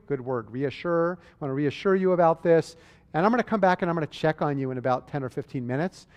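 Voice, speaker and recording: A man giving a conversational, animated medical lecture, acting out exchanges with patients. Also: a little high, quick pace, in a large hall.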